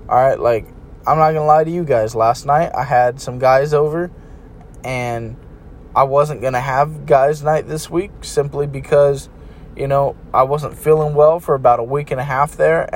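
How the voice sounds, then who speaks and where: A man's voice: a little high, a little hiss or hum. A man giving relationship advice in a casual, blunt way, talking to his listeners like buddies. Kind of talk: casual advice talk to camera.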